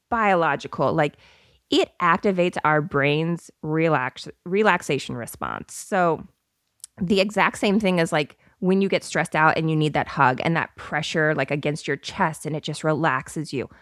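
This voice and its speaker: A woman in her thirties co-hosting a casual podcast, bubbly and prone to giggling as she rambles. Her voice sits a little low but leaps all over in pitch. The sound is close and dry, with no room in it. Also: lively intonation, normal speed, fairly bright tone, dry recording. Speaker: podcast co-host. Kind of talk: casual chat.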